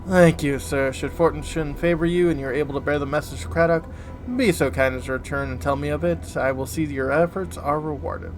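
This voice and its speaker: A man's voice: on the high side, steady tone, brisk, close to an everyday voice. A man reading the lines of a humble male messenger in an overly polite, formal manner. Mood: courteous.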